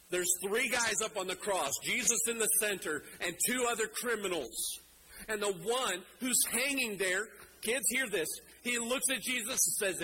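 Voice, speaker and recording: A male preacher giving a sermon, animated, acting out scripture and slowing down to stress key lines. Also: high voice, noisy background. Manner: animated, acts out scripture quotes, slows for emphasis.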